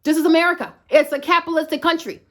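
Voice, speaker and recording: High-voiced woman, blunt and sassy. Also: steady tone, rapid-fire, fairly bright tone. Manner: emphatic, repeats "right?" tags, slangy and sassy. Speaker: fitness influencer. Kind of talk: blunt direct-to-camera rant.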